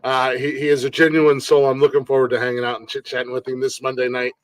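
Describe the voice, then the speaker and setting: A man hosting a casual comedy news podcast, relaxed and joking, rambling with fillers. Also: medium pitch, fast talker, no echo, poor audio. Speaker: podcast host.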